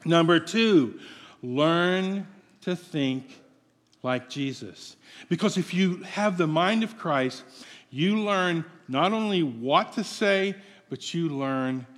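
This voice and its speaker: A male pastor delivers a sermon at an unhurried pace, his slightly raised voice ringing through a long hall reverb. He preaches in a playful, conversational way and keeps asking his congregation questions. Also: on the high side, animated.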